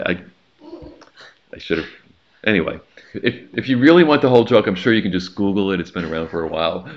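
A man with a very low voice gives a sermon in a loose, chatty way, breaking off for asides. The recording sounds slightly muffled and lo-fi. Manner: conversational preaching with asides and jokes. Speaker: pastor.

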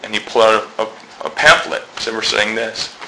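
Man, bright tense voice, lowish pitch, chatty church discussion, faint background noise. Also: a little fast, low-quality recording. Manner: chatty, laughs often, acts out quoted remarks. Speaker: discussion group member. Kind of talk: casual church group discussion.

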